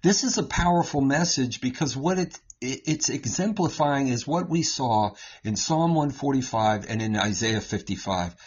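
Man, husky voice, conversational Bible teaching, checks in often, slightly muffled lo-fi recording. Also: mid-range voice, expressive, moderate pace, few pauses. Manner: explains step by step, keeps asking "right?".

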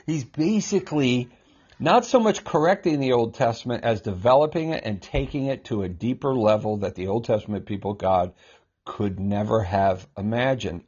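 A man with a husky, breathy edge to his voice, teaching scripture in an easy conversational way. He jumps into quoted lines with sudden lively energy and chuckles along as he goes. The recording sounds a little muffled and lo-fi. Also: medium pitch. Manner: animated, acts out quotes, chuckles often. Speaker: Bible teacher.

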